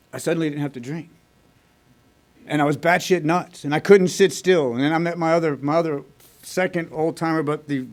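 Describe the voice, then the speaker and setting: Profane, fast-talking man from Texas. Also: fairly high pitch. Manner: blunt, profane, fast-moving storytelling. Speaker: recovery meeting speaker. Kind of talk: personal recovery story told to a meeting. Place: recovery group meeting room.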